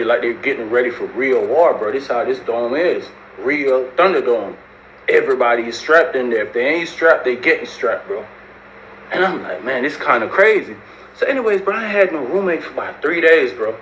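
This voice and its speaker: A man's voice: medium pitch, lively intonation, a little fast, fairly bright tone. A man casually telling a long prison story in slangy speech, acting out the voices of the people he quotes. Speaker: storyteller recounting prison life. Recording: roomy with faint background noise.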